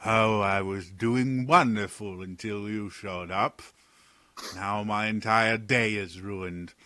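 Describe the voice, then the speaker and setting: A man's voice: lowish voice, fairly even intonation, takes it slowly, pushed and bright, no echo. A man voicing a stuffy male advisor who gets flustered, stammers and speaks formally. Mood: stiff.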